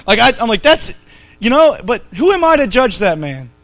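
High-voiced man preaching a sermon. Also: sing-song, brisk, a bit bright, poor audio. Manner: conversational, rising to emphatic peaks.

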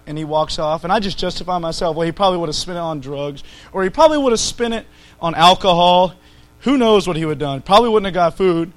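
High-voiced man preaching a sermon. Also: a bit bright, poor audio. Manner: conversational, rising to emphatic peaks.

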